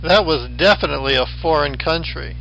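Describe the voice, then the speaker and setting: A middle-aged male professor from the western United States giving a recorded lecture with a slideshow, in a dry, wry way with deadpan asides. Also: fairly high pitch, fairly quick, vocal fry, a little hiss or hum, low-quality recording.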